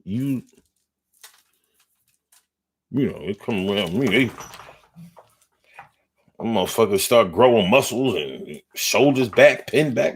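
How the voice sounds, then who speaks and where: Animated, slangy, profane man. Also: medium pitch, a little slow, long pauses, soft background music. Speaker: livestream host reading chat. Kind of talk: casual livestream chat.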